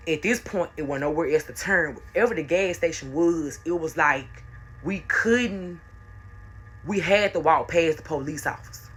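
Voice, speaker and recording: Young woman, crisp bright voice, chatty slangy storytime, repeats herself. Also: low voice, moderate pace, faint music behind. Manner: repetitive, conversational, slangy. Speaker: storyteller vlogger. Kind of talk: casual storytime narration.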